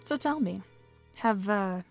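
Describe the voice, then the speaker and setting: A man's voice: sits high, animated, slow, gravelly, soft background music, exaggerated voice. A woman voicing a teasing young man, a restaurant coworker, who talks eagerly with lots of fillers.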